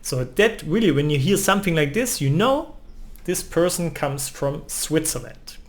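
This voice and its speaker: A man with a German accent explains a language lesson in English. His voice sits a little higher than usual for a man, and he keeps tagging his sentences with a questioning "no?". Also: expressive, moderate pace. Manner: ends phrases with a questioning "no?". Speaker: language teacher.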